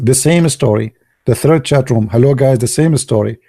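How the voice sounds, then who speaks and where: Gravelly Arabic-speaking man, broken English. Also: medium pitch, fairly quick. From Arab world. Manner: broken English, excitable, laughs at own stories. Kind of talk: casual storytelling monologue.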